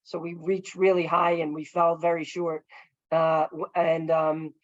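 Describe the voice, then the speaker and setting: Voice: mid-range voice, flat delivery, a little slow, no echo, muffled recording. A filmmaker telling a long story over a video call, earnest and rambling, with many fillers and restarts. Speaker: filmmaker guest.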